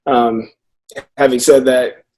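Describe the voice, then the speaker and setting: Man on a video call, really flat even voice, careful and measured. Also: medium pitch, poor audio. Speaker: discussion participant. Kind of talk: group conversation on a video call.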